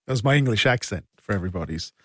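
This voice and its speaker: A man's voice: fairly low pitch, animated, very fast, fairly bright tone, no echo, clean studio sound. A man with an Australian accent hosting morning talkback radio, chatty and jovial, laughing easily. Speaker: radio host. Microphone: studio mic.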